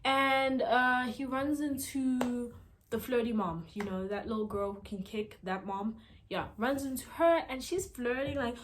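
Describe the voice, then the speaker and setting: A slightly high-voiced woman at a normal pace recaps a TV episode in a relaxed way, rambling with lots of fillers and asides.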